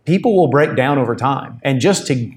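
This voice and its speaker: A man's voice: mid-range voice, animated, normal speed. A man preaching a sermon in a conversational, explanatory way, full of asides. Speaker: pastor.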